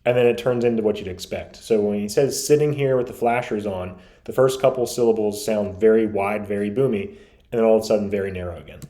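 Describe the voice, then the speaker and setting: A man's voice: lowish voice, steady tone, fast talker, warm tone. Analytical man explaining radio audio. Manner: analytical, emphatic. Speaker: radio reviewer. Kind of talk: explanatory commentary.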